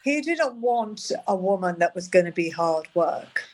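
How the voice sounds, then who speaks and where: A woman guest comedian making measured remarks in a casual chat. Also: fairly low pitch, expressive.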